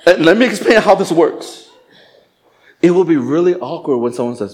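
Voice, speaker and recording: A middle-aged male pastor preaching a sermon, animated and joking, acting out little voices. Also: fairly high pitch, normal speed. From Asian family background. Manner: animated, acts out voices and jokes.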